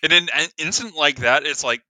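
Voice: medium pitch, brisk, sharp tone, no room sound, low-quality recording. A co-host in a casual chat, tossing in wry, blunt asides. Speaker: podcast co-host.

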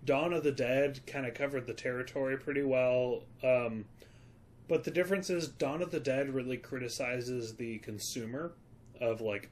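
A man's voice: medium pitch, fairly even intonation, normal speed. A man co-hosting a casual film podcast, talking in an earnest, rambling, opinionated way. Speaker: podcast co-host.

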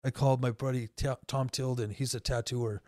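A man's voice: medium pitch, fairly even intonation, brisk, a little mellow, no echo, clean studio sound. A man in his fifties telling rambling, profanity-laced stories in a casual podcast chat.

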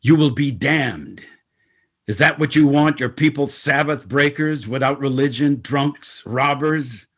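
A rasping old reverend scolds and preaches, as a man puts him on, his voice pushed higher than the storyteller's own. He hectors his listeners in short, heated bursts, in a spoken story told slowly. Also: fairly bright tone. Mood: scolding. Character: stern old male missionary reverend, scolding.

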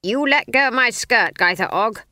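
A woman voicing a stern, proud old witch who shouts shrilly. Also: fairly high pitch, lively intonation, normal speed, no room sound, studio quality, pitched above the performer's own voice. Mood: shouting.

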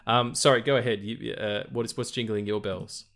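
Man, podcast host, low voice, rambling, jokey, casual film chat. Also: steady tone, a little fast, gravelly, a bit bright. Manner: rambling, jokey, lots of ums.

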